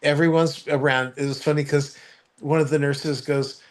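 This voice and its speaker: A man's voice: little pitch movement, normal speed. A man hosting a podcast, telling a story in casual chat, rambling with many fillers and restarts, and acting out other people's voices when he quotes them. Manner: acts out others' voices in high shouts when quoting. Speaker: podcast host.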